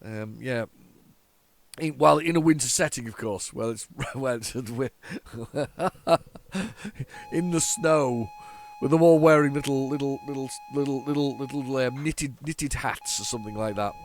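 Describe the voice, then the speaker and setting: A man's voice: medium pitch, unhurried. Rambling man chatting through retro tapes. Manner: rambling, waffling with many restarts. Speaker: retro gaming channel host. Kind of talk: casual commentary while loading old tapes.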